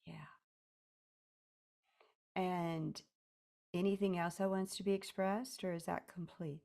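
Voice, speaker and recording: A woman therapist leading a session, gently prompting and directing her client step by step. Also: fairly low pitch, little pitch movement, takes it slowly, vocal fry.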